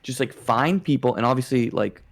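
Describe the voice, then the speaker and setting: A podcast co-host with a mid-range voice chats casually at a moderate pace, rambling and using lots of fillers. The recording has no echo.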